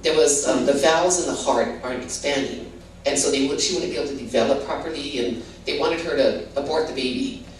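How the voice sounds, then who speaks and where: A woman's voice: a bass voice, a little fast. Older woman, roomy distant sound. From Hawaii. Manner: rambling, full of "you know" and restarts. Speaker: guest giving a testimony. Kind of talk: casual spoken testimony. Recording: roomy, distant mic with faint background noise.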